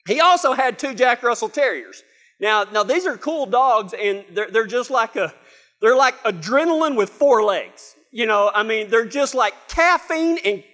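High, bright-voiced preacher telling folksy tales. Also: male voice. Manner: folksy, humorous storyteller acting out voices. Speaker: pastor. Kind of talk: sermon with a storytelling opener. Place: church stage.

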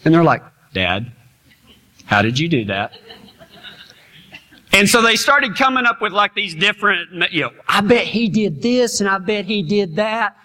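Male preacher, middle-aged, folksy laughing storyteller, high and bright voice. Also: normal speed, hardly any pauses. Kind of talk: storytelling sermon.

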